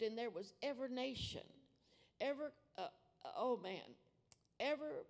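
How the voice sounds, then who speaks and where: An older woman preaching a fervent testimony sermon, calling her listeners sweetheart and babies and dropping at times to a hush. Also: a little high. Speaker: guest preacher.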